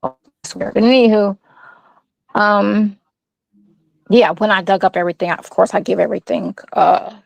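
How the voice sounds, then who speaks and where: Woman caller, gravelly and hesitant, dry choppy phone audio. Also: medium pitch, fairly even intonation, measured pace, pauses often, no echo. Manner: hesitant, many fillers and restarts. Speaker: guest on a live stream call. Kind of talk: casual phone-in chat. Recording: dry phone line cutting in and out.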